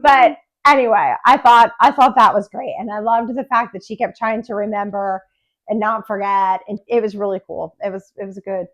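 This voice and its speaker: A woman co-hosting a podcast, asking questions and reflecting calmly on a book in casual chat. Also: mid-range voice, normal speed, highs cut off. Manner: leads questions, steady and agreeable. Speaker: podcast co-host.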